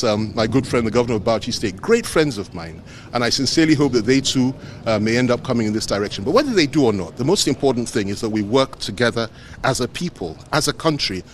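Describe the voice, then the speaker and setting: A man's voice: mid-range voice, slight background noise. A man giving an earnest, emphatic press statement, repeating phrases for weight. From Nigeria. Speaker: politician speaking to the press.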